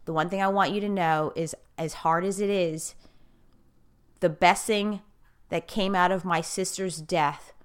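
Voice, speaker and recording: A middle-aged woman hosting a conversation, earnestly telling a personal story with animated bursts and frequent restarts. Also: fairly low pitch, unhurried, clear, resonant tone. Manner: earnest, animated storyteller who repeats herself and speeds up in bursts. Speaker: host.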